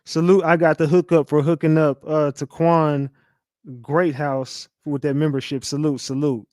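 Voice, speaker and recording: A man hosting a live reaction stream, talking animatedly, swearing often and shouting out viewers. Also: a little high, flat delivery, moderate pace, no room sound, clean studio sound.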